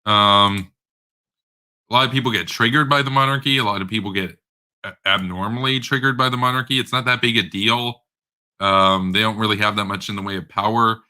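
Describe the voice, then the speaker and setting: A man's voice: on the low side, fairly even intonation, fairly quick, bright, forceful tone. A man giving a casual political rant, rambling and blunt, with many fillers, stammered restarts and sarcastic asides. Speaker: political commentator.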